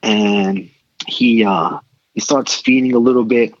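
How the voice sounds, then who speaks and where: A middle-aged man, a podcast guest, telling a story casually and animatedly, with quick excited bursts. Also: on the low side, dry recording. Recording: dull lo-fi sound.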